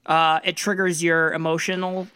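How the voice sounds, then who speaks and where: A woman's voice: fairly low pitch, flat delivery, moderate pace, pushed and bright, clear, resonant tone, dry recording. A woman co-hosting a podcast in casual banter, with a dry, teasing, wry manner. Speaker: podcast co-host.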